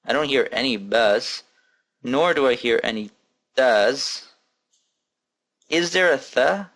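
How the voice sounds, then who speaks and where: A man teaching an Arabic lesson, repeating each word slowly and patiently and counting its letters aloud. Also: medium pitch, lively intonation, fairly bright tone. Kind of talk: recorded language lesson.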